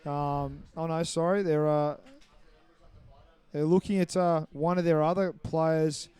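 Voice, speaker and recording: Male play-by-play commentator, warm and smooth, slightly high voice, brisk explanatory calls. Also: little pitch movement. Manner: brisk, explanatory, apologetic over names. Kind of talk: live sports commentary.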